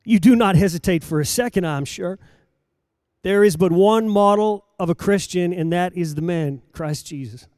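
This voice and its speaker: Speaking at a moderate pace, a preacher with a high voice moves between quiet, whispered stretches and loud, pressing calls in a dramatic sermon. Rhetorical questions come again and again. There is no room reverb; the sound is close and dry.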